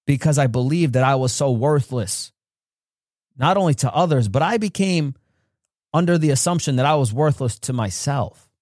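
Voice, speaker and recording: A podcast host tells a personal story emphatically, acting out childhood dialogue with rising pitch and voicing the people involved. His intonation is lively, his pace moderate, and his tone a little mellow, in studio-quality sound with no room noise.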